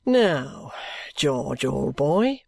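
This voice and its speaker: A man voicing a genial, ingratiating middle-aged male detective who talks in a slow, coaxing, colloquial way. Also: mid-range voice, sing-song, vocal fry, dry recording, exaggerated voice.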